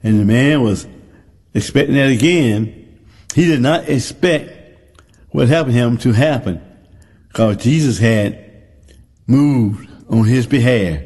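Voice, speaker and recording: Male preacher, folksy and repetitive in delivery, mid pitch, recorded in a reverberant hall. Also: unhurried, pauses often, darkish tone, husky. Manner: folksy storytelling, repeats phrases. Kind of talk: sermon.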